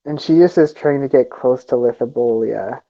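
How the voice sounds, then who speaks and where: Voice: mid-range voice, normal speed, dull audio. A player in a tabletop game, hesitant and thinking aloud with many ums. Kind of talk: casual tabletop play.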